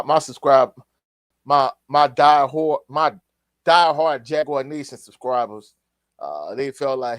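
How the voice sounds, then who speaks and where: A man's voice: medium pitch, measured pace, dry recording. Laid-back man, dry sound. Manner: laid-back, opinionated, talks straight to viewers. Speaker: sports show host reading live chat. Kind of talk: casual live-stream reaction talk.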